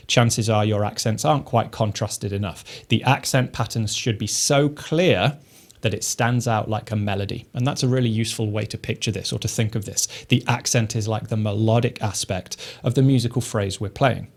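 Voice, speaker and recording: A man teaching snare drum technique, explaining each step calmly and methodically. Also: lowish voice. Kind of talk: instructional explanation.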